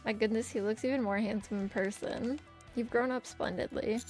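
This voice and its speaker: A woman's voice: fairly high pitch, fairly even intonation, normal speed, a little mellow, faint music behind, lightly acted. A woman reading as a sly, formal researcher. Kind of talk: reading game dialogue aloud.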